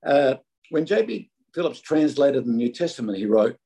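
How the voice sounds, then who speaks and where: A man's voice: medium pitch, very animated, normal speed, gravelly, dark tone, rough recording. A middle-aged Australian man preaching a sermon in a conversational, anecdotal way, often stumbling and restarting words.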